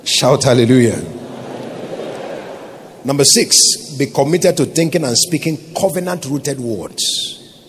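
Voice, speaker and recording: A man's voice: mid-range voice, huge pitch swings, slow pace, long pauses, slight background noise. A man preaching a sermon as pastor, emphatic, with many rhetorical questions.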